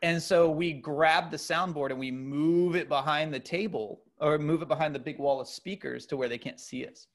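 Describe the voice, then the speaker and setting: A middle-aged man telling a long personal story in casual conversation, loose and animated with many fillers and restarts. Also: a little high, normal speed, hardly any pauses.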